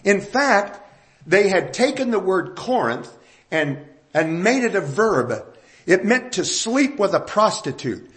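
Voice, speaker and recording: A man's voice: sits high, slow pace. An older man preaching a sermon, telling stories and asking emphatic questions. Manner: animated storytelling, rising emphatic questions.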